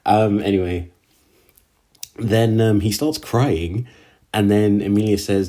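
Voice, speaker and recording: A man's voice: on the low side, slow pace, dark tone. A man recapping an anime episode in a casual, slangy way, often exasperated and full of fillers. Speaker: anime reviewer.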